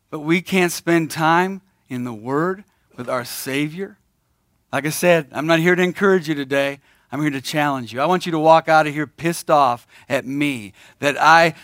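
A man's voice: a little high, dry recording. Middle-aged man, raised voice, dry close mic, preaching and challenging men, big swings in volume. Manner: impassioned, preachy, swings between loud challenges and hushed pauses. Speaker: guest speaker at a men's gathering. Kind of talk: sermon.

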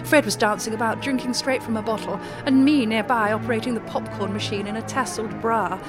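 A woman hosting a comic radio show and delivering arch, deadpan monologues. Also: fairly high pitch, brisk, music in the background. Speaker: radio host.

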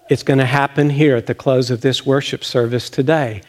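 A man's voice: medium pitch, steady tone, fairly quick, few pauses. An older man, a retiring pastor preaching a folksy, storytelling sermon in a church sanctuary.

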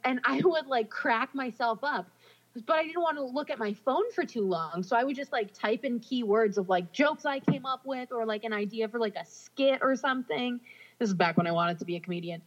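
Co-host, young woman, slightly higher voice, joking and scattered, muffled lo-fi audio. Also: a little fast. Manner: scattered, joking, swears casually. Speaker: podcast co-host. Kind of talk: casual chat. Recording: dull lo-fi sound.

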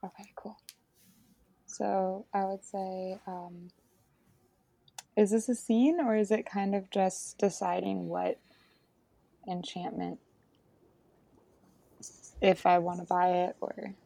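A young woman describing scenes as a player in a tabletop game, in a halting way with many fillers. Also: medium pitch, fairly even intonation, vocal fry, dark tone, no room sound.

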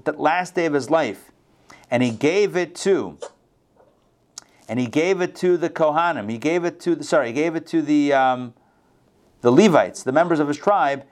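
A man teaching a Torah class over a video call, talking casually, correcting himself and checking in with his listeners. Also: fairly high pitch. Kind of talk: conversational online Bible class.

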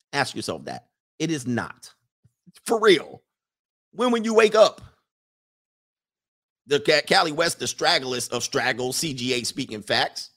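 Man, livestream host, casual commentary, emphatic, conversational, mid-pitched voice, lots of fillers and restarts. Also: a bit bright. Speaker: livestream host reading chat.

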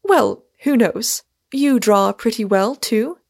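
A woman reading aloud, voicing a gentle, sensible middle-aged mother with a slow, soothing manner. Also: fairly high pitch, vocal fry, heavily acted.

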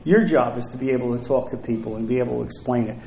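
A man preaching a sermon as pastor, emphatic, repeating key phrases and slowing down to read scripture aloud. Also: mid-range voice, warm tone, roomy sound, low-quality recording.

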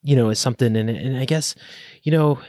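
A man's voice: medium pitch, a little fast, a little mellow, dry recording, studio quality. A man hosting a podcast interview, asking long rambling questions with many fillers. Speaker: podcast host. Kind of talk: interview conversation.

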